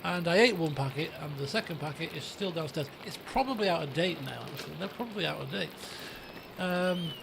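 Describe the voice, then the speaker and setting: Over game music and background noise, a British let's play host rambles chattily about a video game, getting dramatic when he reads its dialogue. His voice is a little high and creaky, brisk, with lively intonation.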